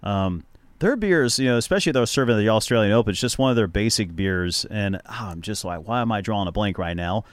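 A man's voice: fairly low pitch, animated, quick pace, no echo. A man appearing as a guest on a radio show, chatting in a rambling, storytelling way. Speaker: guest and sports show host. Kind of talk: casual chat. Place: radio studio.

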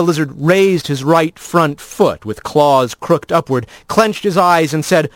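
A radio host narrating a serialized fiction story in a measured, expressive reading. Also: mid-range voice, no room sound.

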